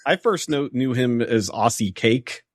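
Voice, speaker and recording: A man on a wrestling podcast with a middle-pitched voice that moves up and down a lot. He speaks in relaxed short quips and giggles, recorded dry and close. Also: unhurried, no room sound. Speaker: podcast co-host. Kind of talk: casual wrestling chat.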